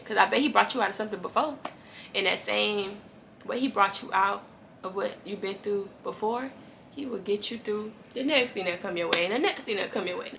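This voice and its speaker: A woman's voice: medium pitch, fairly quick, gravelly, noisy background. A woman giving an earnest, casual devotional talk to camera, encouraging viewers and repeating lines for emphasis. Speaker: Christian faith vlogger.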